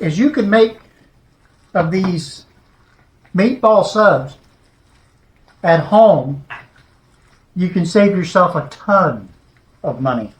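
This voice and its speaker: A man hosting a home cooking video, chatting to the viewer as he works with his hands in a home kitchen. He talks slowly and in a folksy, homespun way. The room is echoey. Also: high-pitched. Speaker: home cooking show host. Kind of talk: casual cooking demonstration.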